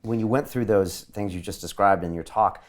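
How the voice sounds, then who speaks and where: A man's voice: lowish voice, fairly quick. A man hosting an interview, asking short, curious follow-up questions. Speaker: interview host. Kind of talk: conversational interview.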